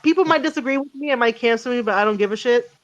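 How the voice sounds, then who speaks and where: A somewhat high-voiced woman hosts a casual podcast chat, rambling through stories with ums, false starts and casual swearing. The sound is dull and lo-fi, like an online audio room. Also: very fast. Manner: rambling, swears freely, frequent ums and restarts. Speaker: podcast host.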